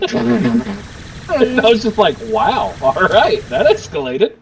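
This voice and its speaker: A man telling rambling stories at a relaxed pace while chatting with friends on a game stream. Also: sits high, gravelly. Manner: slow, rambling anecdotes with restarts. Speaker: gamer on a group stream. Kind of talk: casual chat among friends. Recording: distant mic with faint noise.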